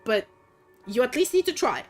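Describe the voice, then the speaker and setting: A woman's voice: fairly high pitch, normal speed, soft background music. Blunt, profane young woman streamer. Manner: blunt, profane, animated, lots of fillers. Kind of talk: casual opinionated rant while gaming.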